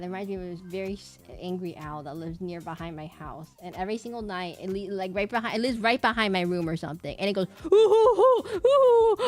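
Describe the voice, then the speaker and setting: A young woman with a medium-pitched voice chats casually on a live stream as she draws. She rambles playfully, loops back over her own words and drifts between topics. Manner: rambling and playful, repeats words, hums and does silly bird noises. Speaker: VTuber streamer. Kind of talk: casual live-stream chat while drawing.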